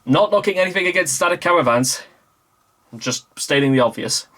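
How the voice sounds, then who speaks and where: A man's voice: a little high, animated, fairly quick, a bit bright. Rambling young man. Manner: meandering, full of fillers and self-corrections. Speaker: vlogger. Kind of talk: casual rambling monologue. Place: small room with a green screen.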